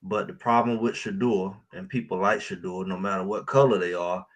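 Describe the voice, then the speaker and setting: Low-voiced man talking sports casually. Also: moderate pace. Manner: relaxed, reflective, loose phrasing. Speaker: sports talk guest.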